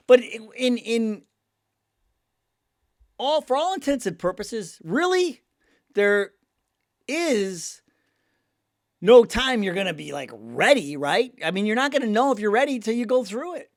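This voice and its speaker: A middle-aged man with a high, very animated voice hosts a casual sports chat while a little sick. He rambles and jokes at his own expense. The recording is dry and close. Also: moderate pace, no room sound. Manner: jokey, rambling, laughs at himself. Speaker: sports podcast host.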